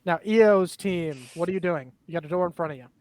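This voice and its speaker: A man's voice: high voice, a little fast, darkish tone, dry recording. A man running an online tabletop game as game master, narrating events in an easygoing, matter-of-fact way.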